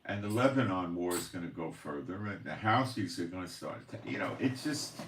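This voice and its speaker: Exasperated deep-voiced man, roomy and distant. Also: expressive, a little fast, noisy background. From Israel. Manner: exasperated, complaining, sighing. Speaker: channel host, prophecy commentator. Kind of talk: rambling personal monologue. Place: home in the Galilee, Israel. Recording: roomy echo, voice off-mic.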